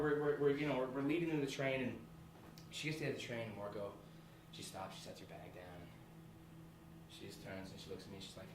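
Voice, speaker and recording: A young American man telling a personal story on stage, animated and laughing as he goes. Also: mid-range voice, fast talker, long pauses, noisy background. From United States. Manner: animated, laughing between lines. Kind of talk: live storytelling. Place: small theatre with live audience. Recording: echoey room, far from mic, audience.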